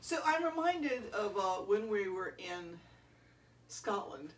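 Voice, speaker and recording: A woman's voice: mid-range voice, sing-song, takes it slowly, far from the mic, a little hiss or hum. A woman who plays drums in a band, chatting on a casual livestream, laughing often and rambling through stories. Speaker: drummer and show host. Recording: roomy sound from away from the mic.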